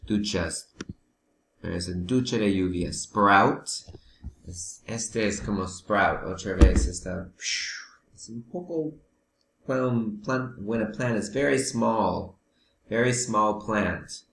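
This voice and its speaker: A man teaching a slow, patient vocabulary lesson who switches into Spanish to help his learners. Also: lowish voice, creaky, echoey room, background noise.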